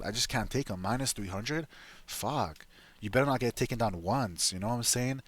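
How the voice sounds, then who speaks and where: A man's voice: lowish voice, fairly bright tone. A man giving casual, profane MMA betting predictions, rambling and restarting his sentences. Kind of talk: casual solo fight predictions.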